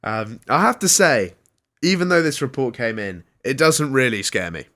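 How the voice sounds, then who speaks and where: A man's voice: mid-range voice, lively intonation, moderate pace, a bit bright. A man hosting a comedy radio show, reading mock news in a jokey newsreader manner. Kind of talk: comedic retro radio banter.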